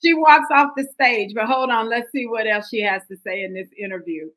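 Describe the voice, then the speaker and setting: A woman's voice: a little high, normal speed, a bit bright, low-quality recording. An American woman hosting a livestream commentary, talking emphatically to her viewers with frequent restarts. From United States. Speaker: livestream host.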